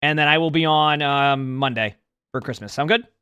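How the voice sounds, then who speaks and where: A man's voice: on the high side, normal speed, pushed and bright, dull audio, a little hiss or hum. A man streaming live, rambling casually and talking to his chat. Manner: rambling, chatty, talks to chat.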